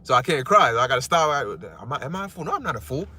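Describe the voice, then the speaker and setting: A man preaching a casual street-style sermon, animated and slangy, sometimes mocking other people's words. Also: rapid-fire, a little hiss or hum. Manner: animated, slangy, acts out insults in a squeaky mocking voice.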